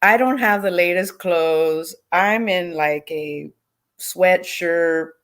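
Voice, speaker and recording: A woman's voice: lowish voice, slow pace. A middle-aged woman guest on a podcast, telling an emotional personal story with animation. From California.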